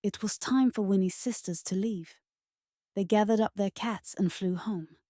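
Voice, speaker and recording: A woman narrating a children's storybook in a gentle, measured read-aloud manner. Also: mid-range voice, no echo, studio quality.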